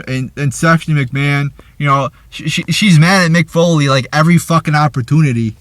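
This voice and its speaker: A man tears into a wrestling show in a heated, foul-mouthed rant. He stumbles and repeats himself as the words pile up. His voice sits at an ordinary middle pitch, recorded dry with no room sound. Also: fairly even intonation, moderate pace, few pauses, no room sound. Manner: angry, swearing, stammers and repeats words. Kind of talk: profane review rant.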